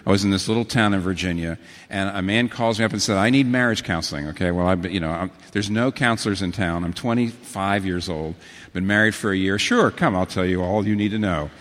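A middle-aged man preaching a sermon as pastor, telling stories and quoting scripture with sudden swings between low, hushed phrases and raised, emphatic ones. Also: fast talker. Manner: animated storytelling with sudden pitch swings and quotations. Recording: long hall reverb.

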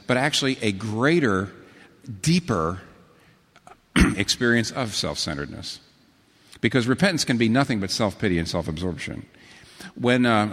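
A middle-aged male pastor preaches a sermon full of stories and read-aloud quotations, his voice jumping from soft, low asides to raised, emphatic questions. His animated delivery swings suddenly in pitch, and a big church hall adds long reverb.

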